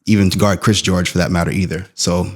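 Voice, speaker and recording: Male panelist, very deep voice, relaxed and hesitant. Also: fast. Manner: easygoing, agreeable, lots of ums. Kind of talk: casual sports chat.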